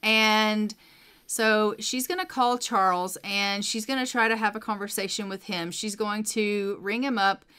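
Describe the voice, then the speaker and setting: Bright-voiced woman narrating gameplay. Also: mid-range voice, fairly even intonation, unhurried, smooth. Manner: chatty, story-telling commentary. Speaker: game channel host. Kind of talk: let's play narration.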